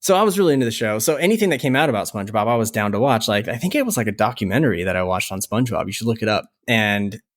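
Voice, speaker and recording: A man co-hosting a podcast in casual chat, with a high, squeaky voice, playful and rambling with restarts. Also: expressive, racing, hardly any pauses. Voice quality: self-described high, squeaky voice. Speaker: podcast co-host.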